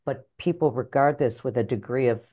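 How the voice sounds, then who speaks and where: A middle-aged woman author and life coach telling her story in an interview, animated and blunt, acting out voices in her head. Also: extremely low pitch, brisk, highs cut off. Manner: animated, acts out inner voices, earthy phrasing.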